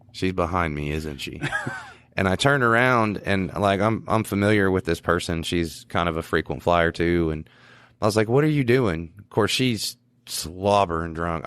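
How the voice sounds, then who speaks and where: On a relaxed podcast, a man who's a police officer laughs his way through lively anecdotes from the job, doing voices for the people he quotes. He has a low-pitched voice, and there's no echo.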